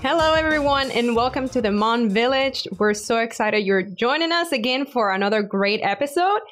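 A woman hosting a faith-based parenting podcast, bubbly and eager, quick to laugh as she welcomes everyone. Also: on the high side, expressive, fairly bright tone, faint music behind. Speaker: podcast host.

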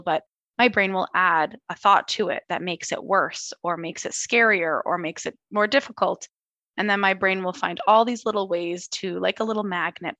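Woman guest, candid, self-mocking, gravelly fry, dry. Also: on the low side, fairly bright tone, dry recording. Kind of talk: casual discussion.

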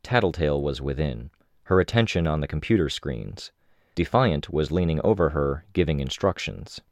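A man reading a novel aloud in the first person, with measured, even storytelling. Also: extremely low pitch, no room sound, studio quality. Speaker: audiobook narrator.

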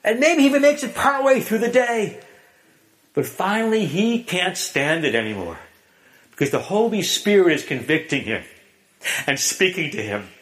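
A man preaching a sermon, telling a story with dramatic drops to a hush. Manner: storytelling, dramatic swings from booming to hushed.

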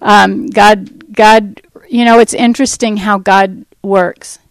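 A woman from the United States telling her life testimony, acting out the dialogue in lively fashion. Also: medium pitch, takes it slowly, no echo, poor audio. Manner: animated storyteller acting out dialogue. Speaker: ministry founder giving testimony. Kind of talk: personal testimony talk.

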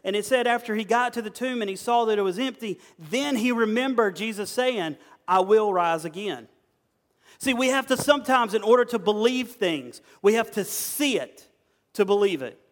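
A man's voice: high voice, lively intonation, moderate pace. A man preaching to a group, telling funny stories folksily and acting out the people in them. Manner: folksy, storytelling, acts out quoted voices. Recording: long hall reverb.

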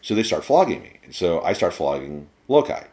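A man with an extremely low, rumbling voice talks through a casual interview. He tells rambling stories, swears freely, and stumbles through plenty of restarts. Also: very animated, fairly quick, darkish tone. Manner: rambling, profane storyteller. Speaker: interview guest. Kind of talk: casual conversation.

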